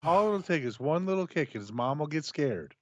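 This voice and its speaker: A man's voice: on the high side, animated, brisk, no echo, dull audio. A man from New York, co-hosting a podcast in a blunt, exasperated way. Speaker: podcast co-host. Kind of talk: casual chat.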